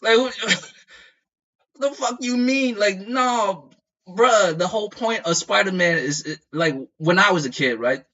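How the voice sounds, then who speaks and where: A man who grew up in the United States, talking casually as a streamer in a profane, animated rant full of laughs. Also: high voice, takes it slowly. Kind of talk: casual chat. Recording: dull lo-fi audio.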